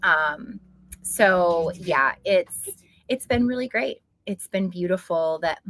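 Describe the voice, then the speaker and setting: A woman's voice: lowish voice, expressive, takes it slowly, rough recording. A woman hosting a casual livestream, reading viewer comments aloud and answering them in a reflective, spiritual way, with plenty of fillers. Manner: warm-hearted, spiritual, reflective, many fillers. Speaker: livestream host.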